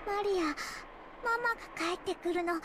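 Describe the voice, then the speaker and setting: A woman voicing a strange, eerily calm little girl in a game, in a childlike sing-song way. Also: very high-pitched, normal speed, background noise. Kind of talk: Japanese game voice acting.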